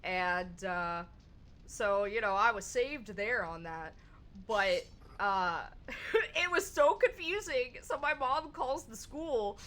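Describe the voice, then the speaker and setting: A woman's voice: fairly high pitch, animated, slow pace, fairly bright tone. Casual woman streamer, laughing as she tells stories. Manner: laughing storyteller, swears freely. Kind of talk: casual chat while gaming.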